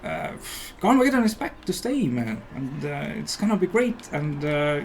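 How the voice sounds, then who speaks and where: A man with an Estonian accent, a game developer and guest player, chats casually while gaming on a livestream. His fairly high, sing-song voice moves at a moderate pace with a slight hiss or hum, and he rambles enthusiastically with many fillers.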